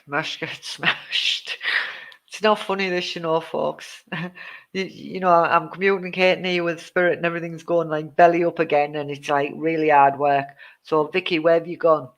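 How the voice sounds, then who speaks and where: Speaking at a moderate pace with a low voice and flat delivery, a woman works as a psychic medium on a live stream, repeating herself, chatting away, and laughing off technical trouble. Her connection glitches, and the recording sounds rough.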